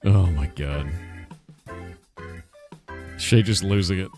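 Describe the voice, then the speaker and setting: A middle-aged man streaming a casual chat about making his game, laid-back and quick to laugh, calling people "dude" and reading chat questions aloud. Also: low voice, darkish tone, soft background music. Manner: reads chat questions aloud and answers them.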